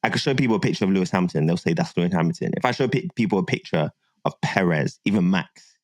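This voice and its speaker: Animated man, lively and expressive. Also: low voice, fast, no echo. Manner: animated, laughs often, slangy. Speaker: podcast guest, car content creator. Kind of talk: casual podcast chat.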